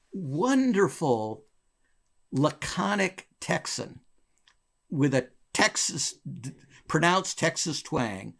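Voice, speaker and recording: A man being interviewed, a former bank regulator telling a long story in a lively, chuckling way with wide swings in his voice. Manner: animated, wide pitch swings, chuckles between phrases.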